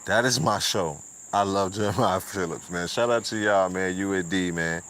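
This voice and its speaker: A man chats casually on his livestream. He is laid-back, full of slang and giving shout-outs, and he repeats words as he goes. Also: low-pitched, moderate pace, slight background noise. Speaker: streamer and show host.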